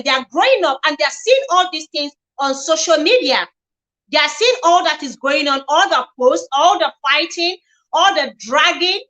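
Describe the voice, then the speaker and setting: High, bright-voiced woman livestreaming. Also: poor audio. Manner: chatty, reads posts aloud and comments, greets viewers by name. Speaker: livestream host. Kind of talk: livestream gossip commentary.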